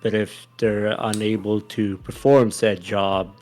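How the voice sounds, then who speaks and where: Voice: medium pitch, level tone, slow, darkish tone. A podcast guest on a livestream, laid-back, mostly offering short agreeing replies, up in the very early morning. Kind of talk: casual livestream chat.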